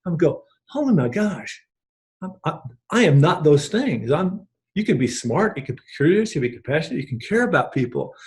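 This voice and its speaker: A man's voice: fairly high pitch, sing-song, brisk. A middle-aged man gives an earnest, rambling personal testimonial, acting out quoted conversations along the way. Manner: earnest and rambling, with many restarts and acted-out quotes. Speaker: program participant giving a testimonial.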